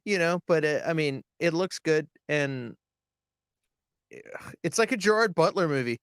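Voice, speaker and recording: A man co-hosting a casual podcast chat, excitable and stumbling over his words. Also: fairly high pitch, unhurried, clean tone, no room sound, clean studio sound. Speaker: podcast co-host.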